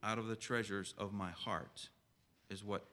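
A preacher gives a sermon in a lowish, fairly even voice with a sharp, forceful edge. He keeps it conversational and peppers the congregation with direct questions, then slows into solemn, measured phrasing when reading scripture.

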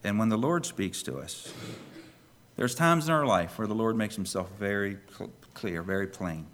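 A man's voice: fairly low pitch, expressive, moderate pace, fairly bright tone. A male pastor preaching a sermon emphatically and putting questions to the congregation.

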